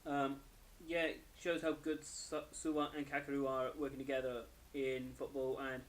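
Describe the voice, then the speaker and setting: A tired young man reviews an anime episode casually, yawning repeatedly and rambling as he corrects himself mid-sentence. His plain middle-pitched voice stays level at normal speed, with slight background noise.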